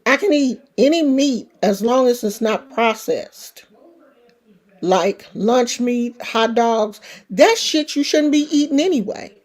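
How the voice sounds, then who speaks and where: A woman's voice: a little high, expressive, slow, darkish tone. A woman in her sixties chatting frankly and casually as a vlogger, swearing freely and speaking in an earthy way. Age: 60s. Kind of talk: casual to-camera chat.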